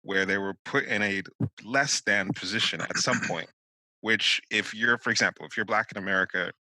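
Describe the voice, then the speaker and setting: A man with a low voice that has a bright, forceful edge talks bluntly, working through his thoughts with restarts. He is recorded close on a dry studio mic with no room sound. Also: brisk, no echo, poor audio. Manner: blunt, thinks aloud with many restarts. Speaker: podcast co-host. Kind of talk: casual discussion.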